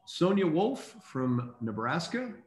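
A man hosting a casual online call, reading out names in an upbeat, brisk way. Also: on the high side, very animated, roomy sound. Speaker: host.

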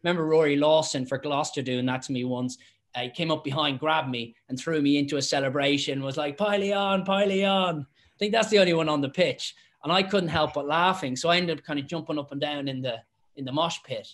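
A man in his forties, a former rugby referee, chatting on a panel and acting out stories with lively quoted voices. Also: a little high, fast. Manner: animated storyteller, acts out quotes, laughs often. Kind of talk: casual panel chat.

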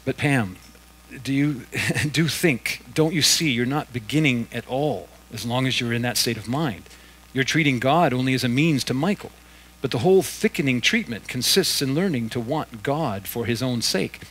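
A man reading aloud and voicing a kindly male spirit who speaks patiently and reasons gently with his sister's ghost. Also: medium pitch, lively intonation, normal speed, breathy edge, rough recording. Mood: patient gentle.

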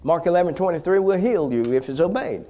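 A male pastor preaching a fervent sermon, repeating phrases and building to loud exhortation. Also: on the high side, expressive, brisk.

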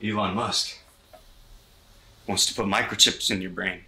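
A man's voice: big pitch swings, moderate pace. A young man doing a mock-paranoid comedy rant as a YouTuber. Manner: mock-paranoid, yelling in a frantic high voice. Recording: voice over loud music.

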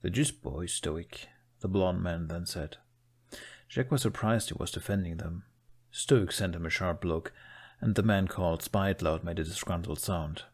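A man reading a fan fiction story aloud as narrator, in a steady, even manner. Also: low-pitched, moderate pace. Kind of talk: audiobook narration.

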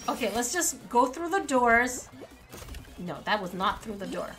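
A woman streaming a game live with her viewers, excitable and giggly, full of exclamations. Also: on the high side, measured pace, soft background music. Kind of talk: casual live gaming commentary.

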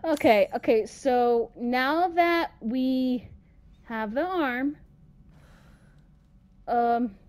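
Scared woman gamer, slow and high, swears a lot. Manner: frightened, swearing, yelling at the game. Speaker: gamer playing a horror game. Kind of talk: horror let's play commentary.

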